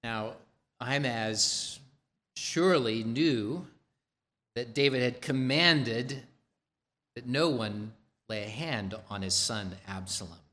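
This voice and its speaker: A man preaching a sermon, retelling a scripture story in a measured way and voicing the quoted characters' lines himself. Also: mid-range voice, animated, bright, forceful tone.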